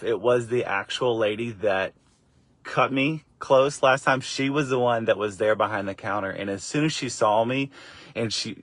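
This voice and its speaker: A middle-aged man and father telling a casual story to camera, lively and encouraging, jumping up in pitch when he acts out what others said. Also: dry recording. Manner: animated, acts out quoted voices with high pitch jumps; encouraging, faith-based wrap-up. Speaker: father and faith vlogger.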